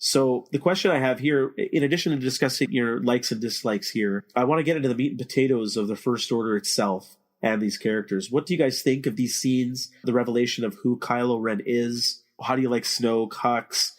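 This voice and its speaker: A man's voice: mid-range voice, steady tone, a little fast. A man hosting a casual movie podcast, opinionated and steering the chat with questions. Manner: opinionated, leads the discussion with questions. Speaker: podcast host.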